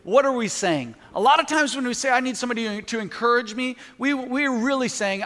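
High-voiced pastor preaching in a hall. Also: male voice, animated, a little fast, few pauses, a bit bright. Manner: earnest, building to emphatic peaks, prays aloud mid-talk. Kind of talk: sermon. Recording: long hall reverb.

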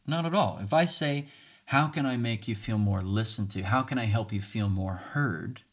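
A man giving casual advice on difficult conversations, acting out both sides in shifting voices and laughing often. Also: moderate pace. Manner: animated, acts out both sides of arguments with pitch jumps, laughs often. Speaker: speaker giving relationship communication advice. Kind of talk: casual spoken advice monologue.

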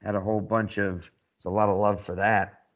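Low-voiced man, dull lo-fi sound. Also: little pitch movement, a little fast. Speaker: podcast co-host. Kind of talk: casual chat. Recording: dull lo-fi audio.

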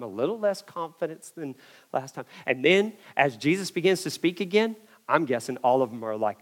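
A man preaching a sermon, telling a story in an animated way and swinging from loud emphasis to hushed moments. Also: on the high side, moderate pace.

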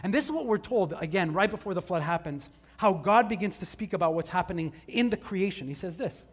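A man's voice: high voice, lively intonation, brisk, hardly any pauses, big-room sound. A male pastor preaching a casual, conversational sermon to a live congregation, with joking asides. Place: church service before a live congregation.

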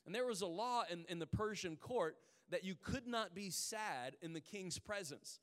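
A man preaching a sermon in a casual, storytelling way, slowing down hard on key phrases. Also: high-pitched, expressive, a bit bright, long reverb tail. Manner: conversational storytelling, drawn-out emphatic pauses. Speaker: pastor.

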